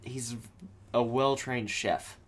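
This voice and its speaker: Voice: medium pitch, steady tone, takes it slowly. A podcast co-host chatting casually about movies, rambling with many fillers. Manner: rambling, many likes and ums.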